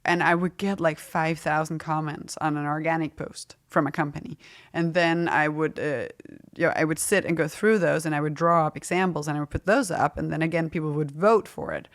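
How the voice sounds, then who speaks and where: A woman's voice: sits low, fairly even intonation, brisk. A middle-aged woman speaking frankly and casually as an interview guest, laughing often as she talks. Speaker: fashion brand founder, guest.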